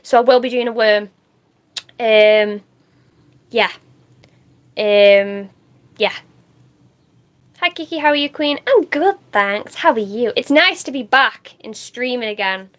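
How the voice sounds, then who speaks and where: Woman livestreamer, high voice, chatty, swears offhand, reads viewer comments aloud. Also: lively intonation, slow pace, pauses often. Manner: chatty, laughs easily, swears casually. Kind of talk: casual live-stream chat reading comments.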